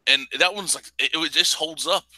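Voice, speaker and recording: A man's voice: on the high side, normal speed, sharp tone, rough recording. A man hosting a podcast in casual chat, rambling and profane about old movies. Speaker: podcast host.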